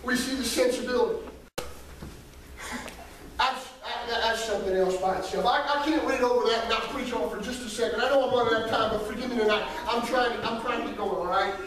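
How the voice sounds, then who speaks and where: A man, an associate pastor, preaching a folksy sermon and calling on church members by name, swinging from shouts to near whispers. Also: very high-pitched, fairly even intonation, fairly quick, crowd noise. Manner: folksy storytelling, calls on congregation members by name; rises to shouting peaks, then drops very soft. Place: church sanctuary. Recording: echoey church hall, voice from far off.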